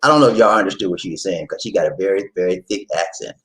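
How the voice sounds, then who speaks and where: A woman hosting a casual chat, telling a story in an animated way with laughter. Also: rumbling low, rapid-fire, a little hiss or hum, low-quality recording. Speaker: host.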